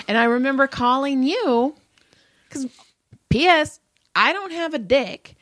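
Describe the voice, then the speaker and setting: A woman's voice: high-pitched, animated, a little slow, pauses often, fairly bright tone. A woman in her thirties co-hosting a podcast, telling blunt, profane stories and laughing often. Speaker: podcast co-host. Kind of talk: casual crude chat.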